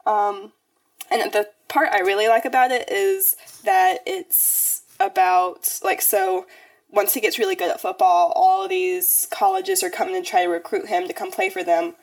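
Speaking at normal speed, a young woman co-hosting a podcast chats and rambles with lots of fillers. Her slightly high, gravelly voice swings widely in pitch, with no room sound and a distant mic.

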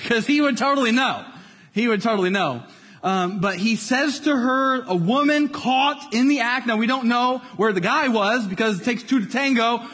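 Male pastor, high voice, casual storytelling sermon with hushed dramatic moments, long reverb. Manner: storytelling, casual, dramatic drops to near-quiet.

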